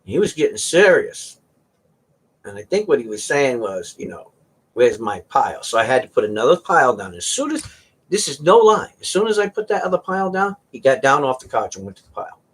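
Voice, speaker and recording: Hosting a casual chat, a man rambles through stories about his cats and now and then mimics their meows. His mid-range voice is husky and sing-song, and he talks a little fast.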